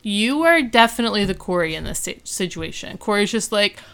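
A woman's voice: medium pitch, animated, a little fast, fairly bright tone, clear, resonant tone. A woman co-hosting a podcast, chatting casually and retelling TV scenes with quoted lines. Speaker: podcast co-host recapping a TV episode. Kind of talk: casual chat.

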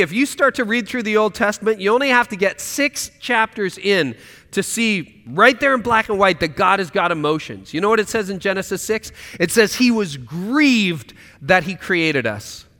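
Pastor, male, high-pitched and bright, preaching with passion in a church sanctuary that rings with long reverb. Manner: impassioned, swings from loud to hushed. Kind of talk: sermon.

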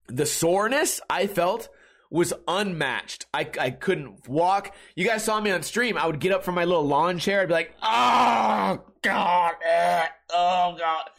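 A middle-aged man talks alone on his podcast in a slightly high voice. He rambles loosely from one tangent to the next, swears freely and pokes fun at himself along the way. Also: fairly bright tone. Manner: rambling, swearing, self-mocking, goes off on tangents. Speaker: podcast host. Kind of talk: casual solo podcast rambling.

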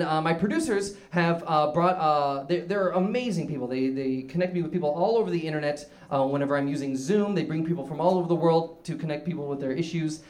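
A man's voice: high-pitched, lightly acted. A man playing a bumbling, effusive talk show host in an improvised comedy scene, stammering through restarts and fillers. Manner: showy and effusive with the crowd.

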